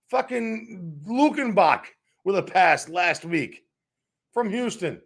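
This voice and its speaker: A man's voice: high voice, animated, measured pace, gravelly. A man hosting a sports show, ranting in a heated, profane, repetitive way.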